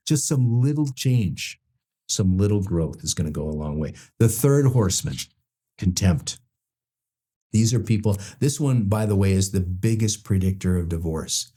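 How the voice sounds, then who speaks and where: A male psychologist with a low, mellow voice talks through relationship patterns in a relaxed, conversational way. He leans on "you know" fillers and slips into short acted-out examples to make his points. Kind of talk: explanatory talk on relationships.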